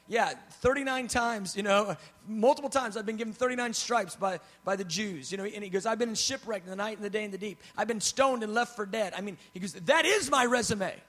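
A man's voice: extremely high pitch, a bit bright. A man preaching a sermon, retelling scripture in a conversational, acted-out way, dropping to a whisper for tender lines and building to emphatic preaching. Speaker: pastor.

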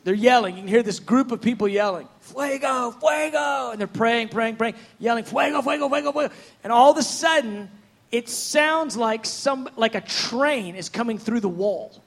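A man's voice: extremely high pitch, moderate pace. A man preaching a sermon in a fervent, conversational, rambling way.

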